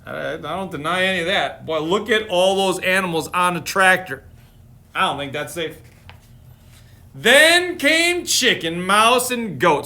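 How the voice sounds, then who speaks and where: A man's voice: on the high side, lively intonation, slow, bright, forceful tone. A man reading a picture book aloud on a live stream, playful, with chatty asides to his viewers. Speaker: storytime reader.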